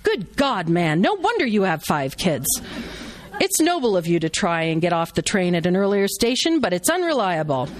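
A woman's voice: lowish voice, sing-song, normal speed. A woman reading as a wisecracking male surgeon. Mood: teasing. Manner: blunt, wisecracking, instructive. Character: brash joking male surgeon teaching a procedure. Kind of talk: reading a novel aloud to a live audience.

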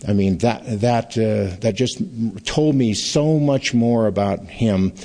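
A middle-aged man, a newspaper columnist, telling stories in an interview in a rambling, halting way with frequent restarts. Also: on the low side, mellow. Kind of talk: anecdotal storytelling in an interview.

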